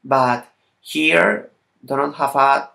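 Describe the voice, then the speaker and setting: Slow Latin American Spanish-accented male teacher. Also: medium pitch, steady tone, creaky, bright, forceful tone. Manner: carefully sounds out example words one by one; slightly halting non-native English phrasing. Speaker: language teacher. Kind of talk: spoken language lesson.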